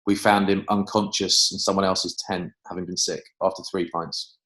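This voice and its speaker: An English man and former rugby player, a guest in a casual interview, telling lively stories and swearing freely. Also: low-pitched, moderate pace. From England.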